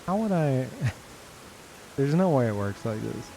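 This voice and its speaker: A man streaming a game with live commentary, swearing and incredulous, jumping between loud outbursts and low mutters. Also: sing-song, takes it slowly, vocal fry, soft background music.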